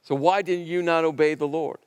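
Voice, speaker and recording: A man's voice: a little high, steady tone, moderate pace, smooth, dry recording, long reverb tail, lightly acted. A man preaching, voicing a stern old prophet who indignantly rebukes a king. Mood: rebuking. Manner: indignant, forceful.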